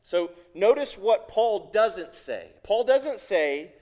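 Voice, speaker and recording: A man preaching from the pulpit, his voice sitting higher than most men's. He is earnest and emphatic and leans on repeated phrases to drive each point home. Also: very animated, slow, few pauses, a little mellow. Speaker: pastor. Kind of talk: sermon.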